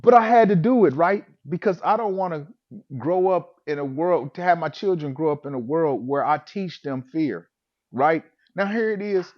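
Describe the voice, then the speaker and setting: Man with a high voice telling a funny story, plays out his own reactions, dull lo-fi audio. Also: expressive, moderate pace. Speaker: vlogger telling a personal story. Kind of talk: casual comedic storytelling.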